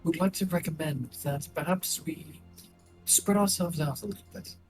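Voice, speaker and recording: A player in a tabletop game, talking in a chatty, expressive way. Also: mid-range voice, normal speed, soft background music. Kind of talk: casual tabletop game play.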